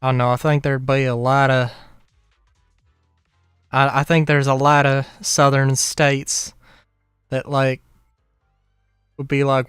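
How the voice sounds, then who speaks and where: A male streamer rambles through casual asides, chuckling and trailing off, at an unhurried pace. His voice is smooth and clear on a dry, close mic, and soft music runs underneath. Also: mid-range voice, level tone, no echo. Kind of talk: casual gameplay commentary.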